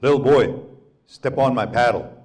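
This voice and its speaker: A storyteller playing a menacing male giant who gives gruff orders in a raised voice. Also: a little high, big pitch swings, measured pace, distant mic, voice pushed up. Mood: coaxing.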